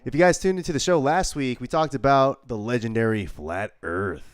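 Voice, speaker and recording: A young man co-hosting a casual podcast, relaxed and rambling, teasing his friend. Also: mid-range voice, moderate pace, no room sound, studio quality. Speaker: podcast co-host.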